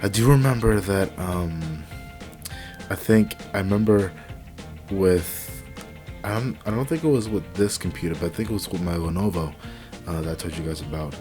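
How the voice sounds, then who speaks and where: A young man quietly commenting on a truck driving game at home at night, rambling with lots of fillers and restarts on a cheap desk microphone. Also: low-pitched, normal speed, soft background music. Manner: hushed, quiet talking to avoid waking family. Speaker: let's play gamer. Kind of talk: casual gameplay commentary.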